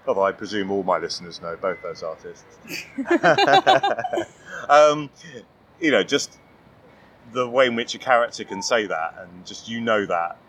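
A man's voice: fairly low pitch, wildly swooping pitch, measured pace, long pauses, fairly bright tone. A man hosting a podcast, chatting playfully with his guest and laughing along. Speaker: podcast host. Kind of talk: casual interview chat.

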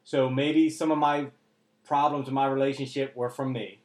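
A man's voice: medium pitch, flat delivery, moderate pace, a little mellow. A man talking candidly and emotionally on a podcast, blunt and earnest, swearing freely. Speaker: podcast co-host. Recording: roomy echo.

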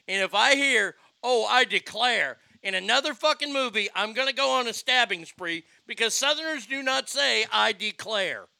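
A man's voice: high voice, creaky, sharp tone, clean tone, no room sound. A man hosting a casual podcast chat, brash, joking and profane. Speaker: host.

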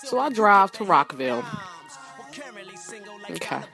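A woman telling a story in a casual, profane, animated rant, with sassy asides. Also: medium pitch, takes it slowly, vocal fry, faint music behind.

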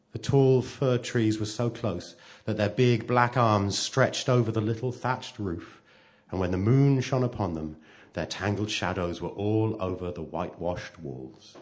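A man reading a story aloud expressively, swinging from hushed to loud. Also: lowish voice.

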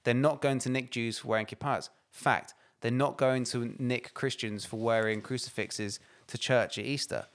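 A man's voice: mid-range voice, fairly even intonation, normal speed, few pauses, a bit bright. A man co-hosting a podcast, talking politics in a heated, emphatic way and swearing freely. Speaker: podcast co-host. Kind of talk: casual political chat.

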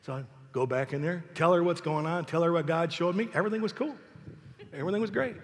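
Talking fast, a middle-aged pastor with a strikingly high voice delivers an energetic sermon from a church sanctuary. He swings from booming emphasis on key lines to hushed, conversational remarks, and his words ring with the long reverb of a large church hall.

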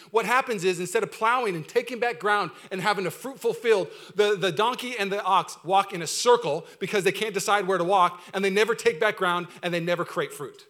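A man preaching a sermon as pastor, animated and exhorting, calling on the congregation to repeat his words. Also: high-pitched. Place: church sanctuary.

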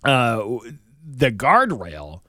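Rambling radio co-host man, lively pitch. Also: drawn-out words, no echo, clean studio sound. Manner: rambling, storytelling with fillers. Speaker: radio morning show co-host. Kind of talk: casual radio banter. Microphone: studio mic.

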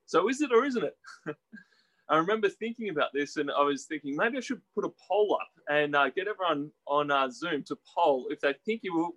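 A man preaching a sermon in a conversational, animated way, putting questions to his listeners and acting out the voices he quotes. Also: poor audio. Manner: animated, acts out quoted voices with rising pitch.

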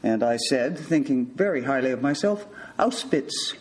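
An older man, a physician, telling a personal story from his hospital days in a measured, wry way. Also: mid-range voice, expressive, a little mellow, a little hiss or hum, poor audio.

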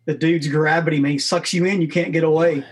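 A man's voice: fairly high pitch, steady tone, brisk, breathy edge. A man in casual chat, easygoing and self-deprecating.

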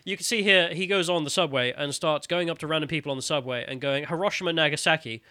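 Sardonic male podcast co-host, mocking news commentary, higher pitch. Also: fast talker, bright, forceful tone, clean tone, dry recording, clean studio sound. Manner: sardonic, mocking, puts on voices for quotes. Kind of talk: casual news commentary chat.

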